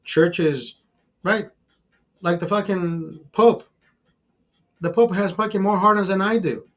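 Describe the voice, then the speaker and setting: A man with a fairly high-pitched voice hosts a casual livestream. He swears freely and talks emphatically. He keeps calling his listeners brother and circles back over the same words as he rants. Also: a little slow. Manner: repeats and restarts words while ranting. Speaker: livestream host.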